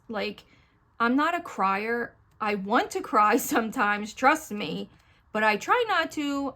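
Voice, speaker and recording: A woman's voice: fairly high pitch, fairly bright tone. A middle-aged woman talks straight into the camera at home as she does her makeup, chatty and candid. She rambles from one story to the next and keeps turning to her viewers. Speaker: beauty vlogger. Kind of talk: casual get-ready-with-me chat.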